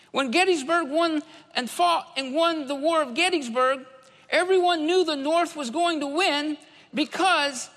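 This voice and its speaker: A man's voice: very high-pitched, bright, forceful tone. A man preaching a sermon, emphatic, repeating key phrases for stress. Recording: long hall reverb.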